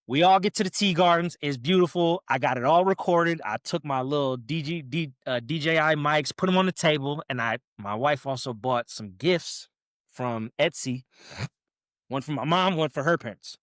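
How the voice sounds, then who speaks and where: A man's voice: fairly high pitch, normal speed, no echo, clean studio sound. A young man, a podcast guest, telling a story in casual chat and acting out what people said to him. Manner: animated, acts out quotes in raised voices.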